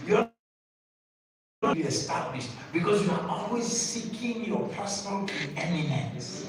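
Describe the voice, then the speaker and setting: A man, a pastor preaching a sermon, switching between low asides and sudden shouted bursts while he questions the congregation. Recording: echoey hall from far off with noise.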